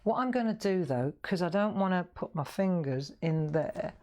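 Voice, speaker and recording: Low-voiced chatty woman. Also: lively intonation, moderate pace, background noise. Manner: chatty, encouraging, talks straight to viewers. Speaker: craft show host. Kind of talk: live colouring demonstration.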